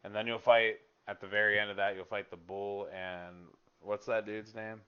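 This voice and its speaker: Rambling, profane young podcast host. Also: male voice, fairly low pitch, level tone, normal speed, smooth, muffled recording. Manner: rambling and profane, with filler words. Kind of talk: casual chat about a video game.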